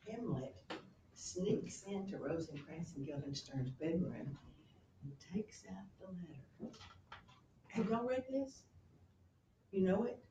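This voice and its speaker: A woman teacher lecturing her class, retelling a play with lively storytelling and acted-out quotes. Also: medium pitch, highs cut off, a little hiss or hum. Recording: roomy classroom from a distance.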